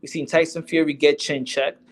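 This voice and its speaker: A man's voice: on the high side, little pitch movement, normal speed. Slangy man chatting about boxing. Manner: slangy, loose street talk. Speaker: boxing podcast host. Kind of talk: casual chat.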